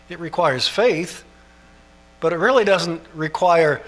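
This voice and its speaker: A pastor preaching a sermon in an earnest way, building up to emphatic, almost shouted passages. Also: male voice, a little high, takes it slowly.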